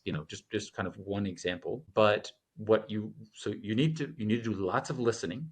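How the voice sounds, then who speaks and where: A low-pitched man talks as an interview guest, teaching pronunciation. He demonstrates sounds and repeats phrases slowly to make his point. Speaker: guest language coach. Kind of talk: explanatory interview talk.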